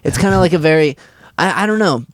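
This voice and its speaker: A man's voice: fairly high pitch, animated, quick pace, dry recording. A man co-hosting a comedy podcast, rambling and unsure, in casual chat. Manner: rambling, unsure, laughs often. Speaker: podcast co-host.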